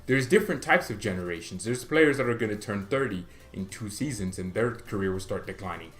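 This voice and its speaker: A young man hosting a fan channel, giving a rambling, opinionated football monologue in an animated way. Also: on the low side, fairly quick, faint music behind. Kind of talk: casual football commentary monologue.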